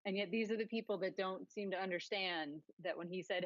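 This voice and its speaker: A woman's voice: mid-range voice, fairly quick, no echo, lo-fi sound. A woman co-hosting a podcast, telling rambling, sarcastic stories in casual political chat. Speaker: podcast co-host.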